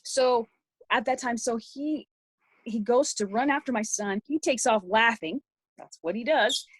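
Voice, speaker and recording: A woman's voice: a little high, a little slow, slightly rough, no echo. A middle-aged woman, a podcast guest, telling a personal story in a rambling way with many restarts.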